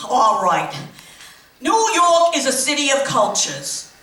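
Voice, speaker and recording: Woman stand-up comic, punchy repeated-line delivery, bright high voice, recorded from afar in a roomy hall. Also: huge pitch swings, takes it slowly, far from the mic. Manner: punchy joke delivery with rhythmic repeated lines. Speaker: stand-up comedian. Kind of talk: stand-up comedy set. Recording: echoey room, from afar, noisy.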